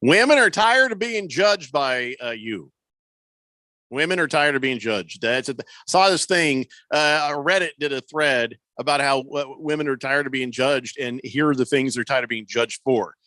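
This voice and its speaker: Brash, bright-voiced radio host man. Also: medium pitch, moderate pace, no room sound. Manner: joking, mock-authoritative advice. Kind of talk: casual radio banter. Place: radio studio.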